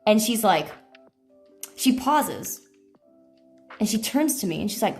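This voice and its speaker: A woman's voice: mid-range voice, expressive, measured pace, pauses often, darkish tone, faint music behind. A woman streamer chatting casually, telling rambling stories full of fillers and self-corrections. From United States. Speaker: IRL streamer. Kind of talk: casual live-stream chat.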